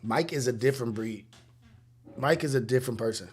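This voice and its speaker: A Los Angeles man in his forties hosts a casual livestream chat, telling animated stories and laughing often. His mid-range voice moves a little fast and has a breathy edge.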